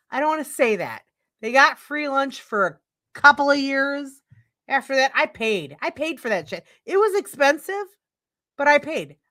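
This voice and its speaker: A woman's voice: a little high, a bit bright. A middle-aged woman streaming commentary, reading a text aloud and breaking into heated, profane, sarcastic rants. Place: home streaming setup.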